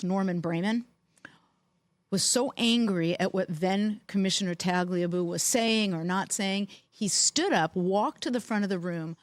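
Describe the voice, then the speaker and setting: A middle-aged woman, co-host of a podcast, telling animated anecdotes in casual chat. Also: mid-range voice, no room sound, studio quality. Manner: animated anecdotes, lively quoted voices. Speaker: podcast co-host, former team executive.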